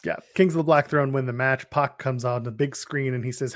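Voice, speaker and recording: A man's voice: medium pitch, fairly even intonation, brisk, few pauses, no echo, studio quality. A man co-hosting a wrestling podcast, recapping matches in a wry, joking, rambling way. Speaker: podcast co-host. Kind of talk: casual wrestling chat.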